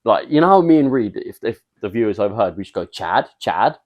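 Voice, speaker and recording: A man's voice: fairly low pitch, animated, quick pace, highs cut off. A young English man co-hosting a casual chat, rambling through stories and laughing often. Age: young adult. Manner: laid-back, laughs a lot, rambling storyteller. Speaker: podcast co-host.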